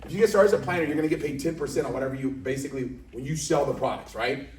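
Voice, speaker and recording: Fast-talking man pitching in an echoey room. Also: animated, a little mellow, recorded from a distance, slight background noise. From Indiana. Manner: fast, joking, asks the audience questions. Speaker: presenter. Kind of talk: sales presentation to a live audience. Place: company office meeting room.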